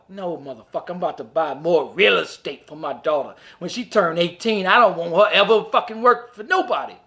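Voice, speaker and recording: A man with a high-pitched voice launches into a heated, profane monologue. He speaks as a father, blunt and exasperated, driving each point home with force. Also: big pitch swings, a little fast, few pauses, pushed and bright. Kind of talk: ranting monologue to camera.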